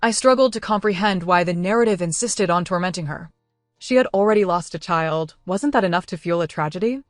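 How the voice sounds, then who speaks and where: A woman giving smooth, even scripted narration of a story. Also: lowish voice, brisk, no echo. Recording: dry close studio voice with faint music. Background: faint music.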